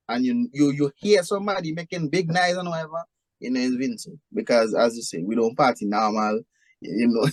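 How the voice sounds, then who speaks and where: A man with a Vincentian accent, talking as a guest in an interview. He speaks in a relaxed, easygoing way and keeps dropping "you know" into his sentences. The sound is dry and close, with almost no room echo. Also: on the high side. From St. Vincent and the Grenadines (Union Island). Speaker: guest, music producer. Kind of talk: casual interview talk.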